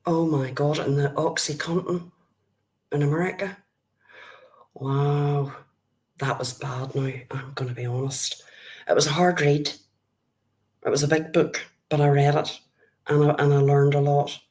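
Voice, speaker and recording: Northern Irish woman, middle-aged, low voice, friendly live-stream chatter. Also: fairly even intonation, unhurried, pauses often, a little mellow. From Northern Ireland. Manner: chatty, greets viewers by name, calls them love. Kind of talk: casual live-stream chat with viewers.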